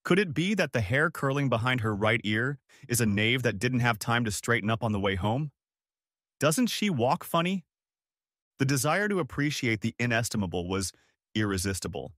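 A man narrating a first-person dramatic audiobook story in a measured, expressive way. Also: mid-range voice, dry recording, studio quality.

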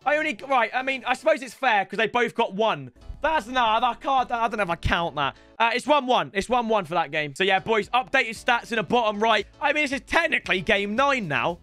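Excitable young gamer, high and bright. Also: male voice, brisk, soft background music. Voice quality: loud shouting outbursts and laughing banter. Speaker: gaming YouTuber. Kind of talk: excitable gameplay commentary.

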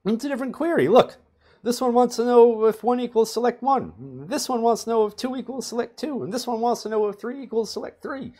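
A man voicing a database server as an eager, excited figure, in a giddy sing-song manner during a tech lesson. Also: extremely high pitch, a little fast, pitched above the performer's own voice.

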